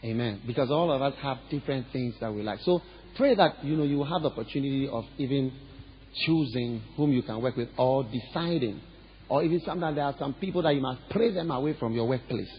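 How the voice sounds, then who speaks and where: A man preaching a sermon, emphatic, often saying "Amen" and slowing down on key phrases. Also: a little hiss or hum. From Ghana. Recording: hall reverb, dull low-fi sound.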